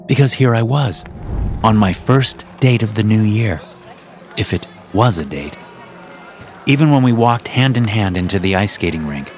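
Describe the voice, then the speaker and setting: A man with a very low, deep voice narrating a scripted first-person horror story. He tells it in a steady, measured way, with faint music underneath.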